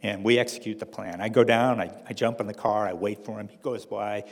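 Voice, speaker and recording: Gravelly man telling a wry story. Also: on the low side, steady tone, fairly quick, in a large hall. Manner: wry, dry humor. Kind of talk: personal story told to an audience.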